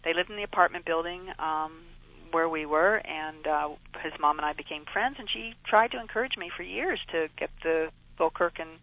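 Middle-aged woman, interview guest, earnest rambling storyteller with a bright tone. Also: fairly low pitch, lo-fi sound. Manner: earnest, rambling with many fillers. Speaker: guest, mother of child actors. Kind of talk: storytelling in conversation.

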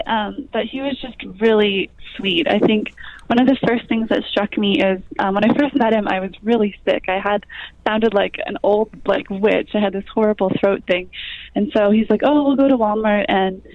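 A woman in her twenties, a guest in an interview, speaking softly with many ums and likes. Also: mid-range voice, lo-fi sound. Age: 20s. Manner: soft-spoken, frequent ums and likes. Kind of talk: interview conversation.

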